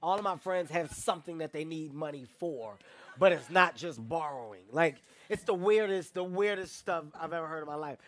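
Man, comedian, from Philadelphia, high voice, energetic, animated storytelling. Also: normal speed. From Philadelphia, United States. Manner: energetic, animated, breaks into laughter. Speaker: comedian, interview guest. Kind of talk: interview chat and storytelling.

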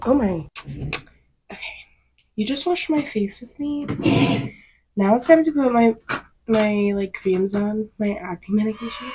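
A woman's voice: mid-range voice, background noise. A young woman vlogging her morning routine in a casual, rambling way, swearing now and then, recorded by a camera on a tripod in her bedroom. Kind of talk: casual get-ready-with-me chat. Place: home bedroom, indoors.

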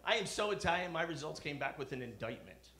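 A man's voice: a little high, very animated, fast, very noisy. A middle-aged male stand-up comedian doing a live set in a comedy club, brash and profane, bantering with the audience. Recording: echoey club with crowd.

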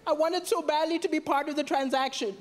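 A man from Malawi, performing a stand-up comedy set on a theatre stage with deadpan punchlines and playful asides. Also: very high voice, fairly quick. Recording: stage mic with noisy crowd. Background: audience laughter and cheering.

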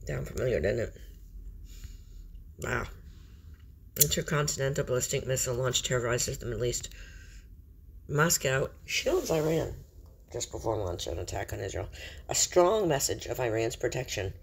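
A man's voice: mid-range voice, lively intonation, moderate pace, vocal fry, long pauses. A middle-aged man at home reading news aloud with his own commentary. He stumbles over foreign place names and spells them out. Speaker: Christian video host. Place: room in a house. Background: faint background noise.

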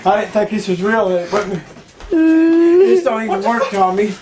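A man's voice: high voice, sing-song, unhurried, background noise. A man in home video footage, shaken and nervous, wanting to leave.

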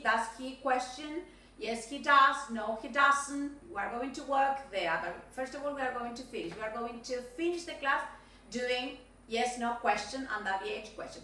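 Lady teaching english on video, bright voice, room echo, sounds a bit far off the mic. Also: high voice. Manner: slow, clear dictation with frequent "okay?" checks. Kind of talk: recorded video lesson for young learners. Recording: echoey room, voice a bit off mic, faint noise.

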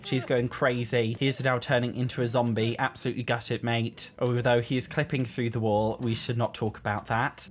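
A young man giving excitable let's play commentary, full of exclamations and squeals of surprise. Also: medium pitch, a little hiss or hum. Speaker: gaming YouTuber.

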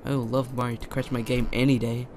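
A young man doing let's play commentary on a horror game, excitable, chatting to the characters and yelling when startled. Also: mid-range voice, quick pace, noisy background. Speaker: gamer.

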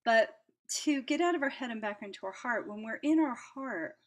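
A middle-aged woman hosting a reflective talk about the heart, chatty and gentle, laughing lightly and dropping to soft asides. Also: on the high side, lively intonation, normal speed. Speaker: host.

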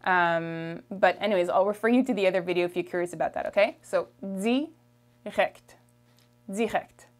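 A woman's voice: on the low side, fairly even intonation. A woman from Canada with a Canadian French accent, teaching a vocabulary lesson patiently and checking in with her viewers. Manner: patient, repeats each word slowly, checks in with "okay?". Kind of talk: slow language lesson.

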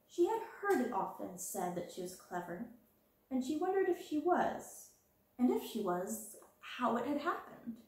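Lady reading a kids' classic aloud, gentle and even, bit high pitched. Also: unhurried, very echoey, rough recording. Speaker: storyteller.

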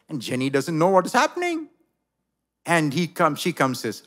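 A man's voice: mid-range voice, big pitch swings, moderate pace, fairly bright tone. A male pastor preaching a sermon in a church, telling a story dramatically.

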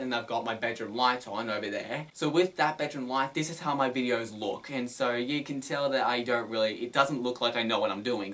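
A man at an everyday middle pitch chats straight to camera from his bedroom. His delivery is lively and enthusiastic, with clear stress on key words, like a casual advice vlog. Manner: energetic, emphasizes words. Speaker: film review vlogger.

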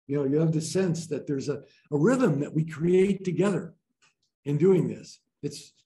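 A man teaching a group about breathwork in a gentle, playful way, often laughing as he talks. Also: fairly high pitch, lively intonation, normal speed. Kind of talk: informal group teaching talk. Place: training room with a group.

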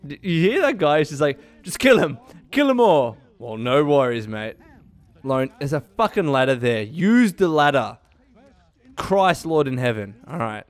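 A young man giving excitable, swearing let's play commentary, laughing often. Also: medium pitch, moderate pace. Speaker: gaming youtuber.

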